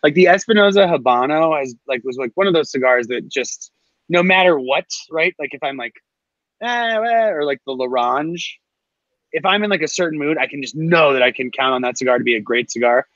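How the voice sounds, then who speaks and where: A man, a guest on a podcast, telling stories casually in an animated, filler-heavy way. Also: mid-range voice, a little fast, no room sound, dull audio. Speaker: guest, co-host of a cigar show. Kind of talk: casual chat.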